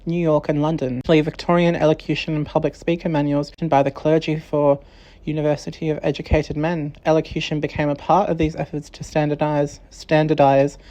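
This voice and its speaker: A woman narrating a scripted documentary in a measured way, reading quotations aloud. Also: low voice, little pitch movement, dark tone, poor audio.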